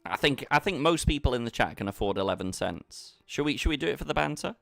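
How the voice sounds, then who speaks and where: A man's voice: mid-range voice, animated, quick pace, creaky, fairly bright tone, dry recording, clean studio sound. A man chatting casually with his viewers while he plays online poker, bantering and talking to the chat. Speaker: poker streamer. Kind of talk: casual live-stream commentary.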